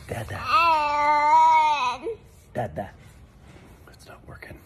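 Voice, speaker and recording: A man's voice: lowish voice, huge pitch swings, slow, gravelly, long pauses, in a whisper. A man talking playfully to his baby son in a home video, coaxing him and cheering him on like a coach. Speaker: father filming his baby.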